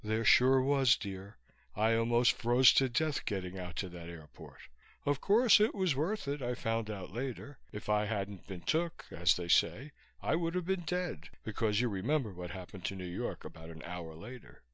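A man's voice: lowish voice, sing-song, normal speed, fairly bright tone, dry recording. A man voicing a chatty, gushing former musical-comedy actress who calls everyone dear.

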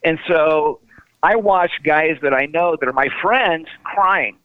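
Speaking slowly with a voice on the high side, a man who was a tour manager tells road stories as an interview guest. The phone line is tinny and dry, with no room sound, and he animatedly acts out the dialogue he quotes.

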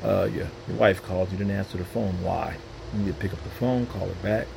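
A hushed, deep-toned divine voice, calm and coaxing, like a patient father guiding his child, put on by a man. It speaks low and quiet, unhurried and kind. It lands firmly but never harshly. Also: creaky, background noise. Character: God, a gentle patient fatherly male voice. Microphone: own microphone.

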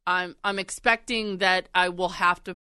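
A woman's voice: on the low side, steady tone, normal speed. A woman co-hosting a casual chat, telling stories and laughing often. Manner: storytelling with frequent laughs.

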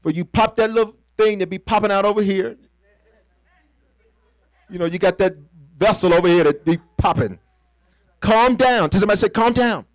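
A man with a high-pitched, fairly even voice preaches at a fairly quick clip, pausing often as he playfully acts out scenes and invites the congregation to fill in words. The call-and-response sermon is conversational, captured in a dry, low-quality recording.

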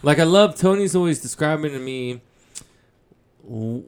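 A man hosting a casual podcast, excitable and swearing when he is surprised. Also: fairly high pitch, unhurried, clean tone. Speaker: podcast host.

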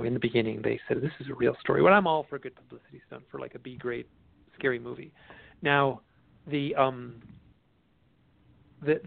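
A man, a guest author, telling stories in a casual interview, animated and often restarting his sentences, heard over a phone line. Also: mid-range voice, gravelly, no room sound. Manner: animated storyteller, restarts a lot. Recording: tinny dry phone line.

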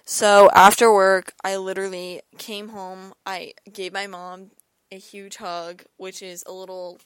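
A woman's voice: mid-range voice, level tone, a little slow, clear, resonant tone, no room sound, clean studio sound. A young woman hosting her own podcast, telling a personal story in a rambling, casual way with lots of repeated words and "like," while ill with an ear and throat infection. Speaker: podcast host.

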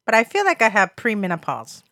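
Lively, bright-voiced woman in her thirties. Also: mid-range voice, brisk, no echo, clean studio sound. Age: 30s. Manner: animated, blunt, laughs often. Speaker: podcast co-host. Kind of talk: casual chat.

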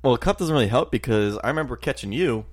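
A young man co-hosting a podcast in casual chat, an animated storyteller who swears often and shouts his impressions. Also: mid-range voice, quick pace. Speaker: podcast co-host.

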